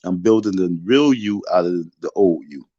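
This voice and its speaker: A man's voice: low voice, expressive, moderate pace, dark tone, no echo, highs cut off. A man hosting a livestream from his bedroom, talking into a phone in a defiant, repetitive, sermon-like way. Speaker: livestream host. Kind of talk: casual preachy livestream rant. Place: bedroom in the dark.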